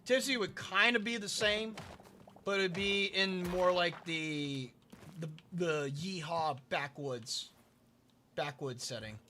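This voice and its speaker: Slight background noise accompanies a man speaking slowly in a high, bright, forceful voice. Streaming a building game, he chats casually with viewers, answers chat, and mutters to himself as blocks go down.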